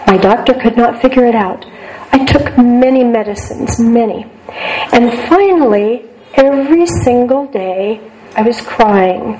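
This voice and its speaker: An older woman psychologist lectures a group in a slightly high yet mellow, warm voice. She talks earnestly and repeats words for emphasis. A faint hiss sits under the recording. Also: low-quality recording. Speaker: psychologist giving a talk.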